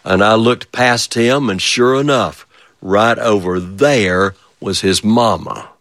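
A man storyteller telling a childhood story in an animated way, repeating phrases and turning to his listeners with playful questions. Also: on the low side, takes it slowly, dry recording. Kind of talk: oral storytelling of a childhood memory.

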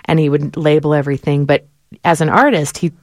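A woman's voice: low-pitched, fairly even intonation, fairly quick, no echo, studio quality. A woman hosting a podcast in casual chat, talking eagerly, laughing often and acting out quoted voices. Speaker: podcast host.

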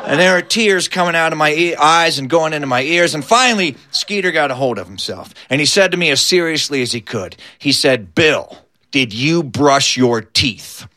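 A man telling a comic story, animated and building to his punchlines. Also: fairly high pitch, brisk, few pauses.

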